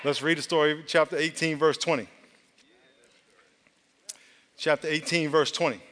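A man's voice: fairly high pitch, fairly even intonation, fast talker, fairly bright tone. A male pastor preaching a sermon, leading the crowd in call-and-response. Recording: long hall reverb.

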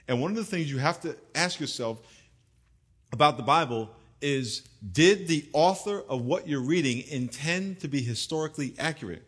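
A middle-aged male pastor preaching a sermon in an animated, humorous way, calling on the congregation to answer back. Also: medium pitch, husky.

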